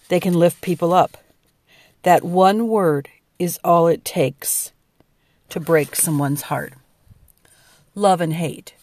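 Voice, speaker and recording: Slow, earnest woman podcast host. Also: on the low side, darkish tone, dry recording, studio quality. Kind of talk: spoken reflection. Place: outdoors by a lake.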